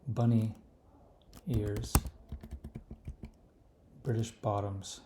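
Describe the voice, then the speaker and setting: A man thinking aloud as he works through a crossword, slowly reading clues half to himself. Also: on the low side, flat delivery. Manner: slow, musing, reads clues half to himself. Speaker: puzzle solver. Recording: echoey room with clear background noise. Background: keyboard clicks and typing.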